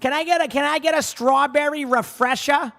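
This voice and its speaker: A man voicing a loud, exaggerated Boston man ordering coffee, with a drawn-out Boston accent. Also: gravelly, faint music behind, full character voice. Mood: boisterous. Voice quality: loud, drawn-out, high-pitched.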